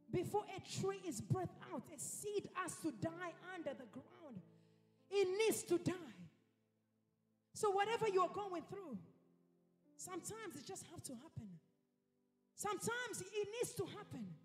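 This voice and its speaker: High-voiced woman preaching in a hall. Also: big pitch swings, a little slow, long pauses. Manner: emphatic, repeats phrases for effect. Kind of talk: sermon. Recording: reverberant hall with faint music.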